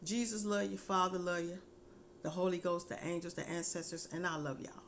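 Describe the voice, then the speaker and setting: Low-voiced earnest middle-aged woman. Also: steady tone, slight background noise. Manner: earnest, folksy, repeats her points slowly. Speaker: vlogger giving parenting advice. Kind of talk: casual heartfelt advice talk.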